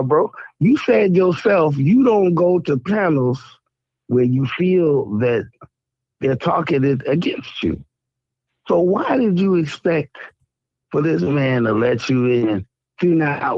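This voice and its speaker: Gravelly preachy man on a phone line. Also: mid-range voice, dry recording. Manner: preachy, exclamatory, laughing. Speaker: caller. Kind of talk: call-in radio chat.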